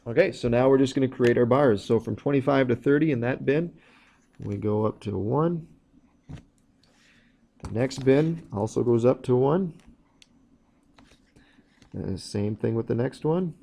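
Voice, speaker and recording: A man talking through a math lesson in a relaxed, mellow voice. He explains each step plainly and pauses now and then with an um. His pitch sits in an ordinary middle range. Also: creaky. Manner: plain explanatory, walks through steps with fillers. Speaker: teacher.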